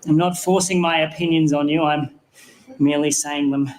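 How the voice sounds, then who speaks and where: A man with an Australian accent doing a live stand-up set, profane and animated, laughing through his jokes. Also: on the high side, moderate pace, soft background music. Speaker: stand-up comedian. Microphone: handheld stage microphone.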